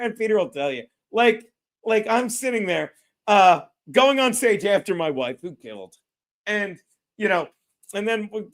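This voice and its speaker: A man's voice: high voice, fairly bright tone. A man hosting a casual livestream, telling rambling, profane stories and laughing at himself. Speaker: podcast host.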